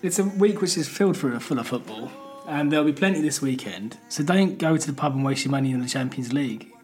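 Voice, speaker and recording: A man's voice: medium pitch, fast talker, darkish tone, soft background music. A man co-hosting a casual podcast, joking and bantering. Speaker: podcast co-host. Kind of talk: casual chat.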